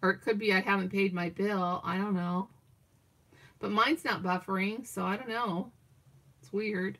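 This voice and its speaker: A woman's voice: mid-range voice, fairly even intonation, moderate pace, fairly bright tone. An older woman hosting a crafting livestream, chatting in a meandering way while she cuts out pictures and reads a children's story aloud.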